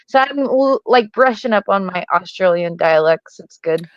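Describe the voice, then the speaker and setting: A woman's voice: mid-range voice, expressive, moderate pace, dry recording, highs cut off. A woman from Missouri with a Missouri accent, guesting on a casual livestream chat and rambling with lots of "like" and "um". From Missouri, USA. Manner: rambling, heavy with "like" and "um". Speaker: co-host guest.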